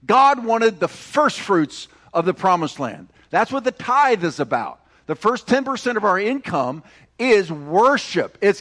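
High-voiced man preaching emphatically. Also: big pitch swings, a little slow, a bit bright. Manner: emphatic, calls for congregation responses. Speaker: pastor. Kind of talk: sermon.

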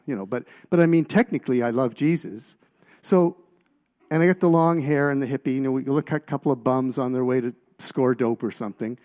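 A middle-aged man preaching a personal testimony, telling stories with halting restarts and getting louder at the punchlines. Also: medium pitch. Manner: storytelling, halting restarts, rises in volume at punchlines.

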